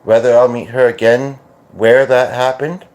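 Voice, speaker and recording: A Canadian man hosting a podcast as a medium, talking casually and haltingly with many restarts. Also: mid-range voice, little pitch movement, a little mellow. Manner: hesitant, full of restarts and fillers. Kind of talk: casual channeling monologue.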